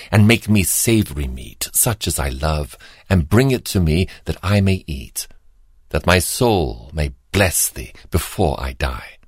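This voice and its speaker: A man's voice: deep voice, breathy edge, no echo, studio quality, exaggerated voice. A man reading a solemn old blind father.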